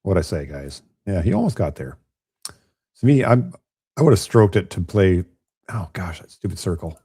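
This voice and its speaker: A man with a chest cold commentating a pool match from home, raspy and hoarse, chatting and joking straight to his viewers. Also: low voice, big pitch swings, normal speed, warm tone. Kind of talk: casual live commentary. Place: at home, quiet room.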